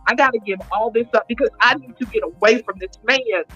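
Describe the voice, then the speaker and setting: A woman's voice: fairly high pitch, fairly quick, slightly rough, highs cut off, faint music behind. A woman in her late forties, an interview guest, telling her personal story candidly and acting out quoted dialogue. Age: 40s. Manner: animated, emphatic retelling with quoted dialogue.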